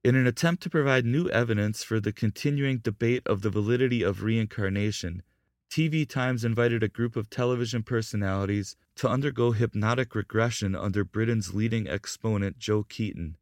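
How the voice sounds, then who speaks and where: A man reading a scripted documentary narration in a measured, even way. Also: fairly low pitch, no echo, clean studio sound.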